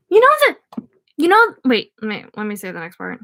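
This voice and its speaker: A woman's voice: medium pitch, wildly swooping pitch, normal speed, sharp tone, slight background noise. A young woman streaming a book reading, breaking off to chat with viewers in scattered asides. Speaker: read-aloud streamer.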